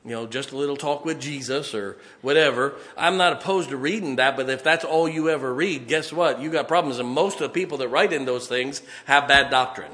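A man preaching a fiery, folksy sermon, building emphatically to loud peaks. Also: mid-range voice, fairly quick, few pauses. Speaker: pastor. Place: church sanctuary.

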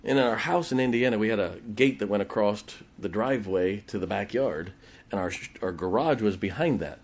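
A man's voice: on the low side, a little fast. A man preaching a sermon, telling stories and acting out the voices of the people in them. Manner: animated storytelling, acts out quoted voices. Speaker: pastor.

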